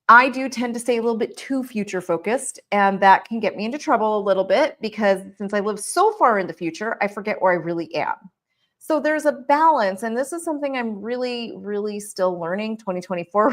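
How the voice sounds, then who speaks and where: A woman's voice: medium pitch, fairly bright tone. A woman coaching business owners on her podcast. She talks about her own life in a candid, personal way. Her sentences keep ending in a questioning "right?". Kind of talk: motivational podcast talk.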